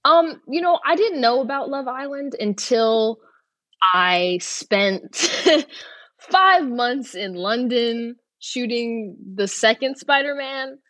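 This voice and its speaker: A woman's voice: a little high, lively intonation, slow, a bit bright, no echo. Chatty young woman, dry close sound. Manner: chatty, lots of "like" fillers and restarts, laughs easily. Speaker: actor guest. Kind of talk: casual talk-show interview.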